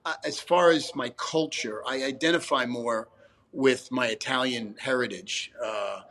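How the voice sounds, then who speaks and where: A man, chatting as a guest over a video call, animated and swearing freely with frequent laughs. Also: medium pitch, a little slow. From New York, USA. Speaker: actor guest. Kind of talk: casual interview chat.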